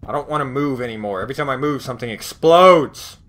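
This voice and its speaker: A man's voice: mid-range voice, quick pace, fairly bright tone. A man commentating a horror game as he plays, with profane, snarky reactions. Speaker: gaming video host.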